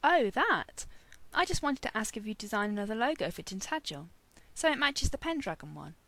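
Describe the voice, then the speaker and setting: A smug, confident young man from an audiobook story, teasing one moment and earnestly pleading the next, as a woman reads him. The delivery swings widely in pitch. It sounds close and dry. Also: big pitch swings, a little fast, bright, forceful tone, no echo, full character voice.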